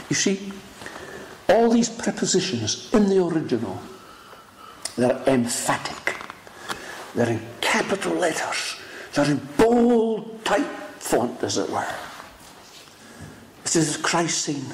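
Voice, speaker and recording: Preacher man, slow and dramatic, voice jumps way up then drops to a whisper, echoey church. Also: big pitch swings, slight background noise. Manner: dramatic preaching with sudden swings from loud high cries to hushed whispers. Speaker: pastor. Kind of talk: sermon.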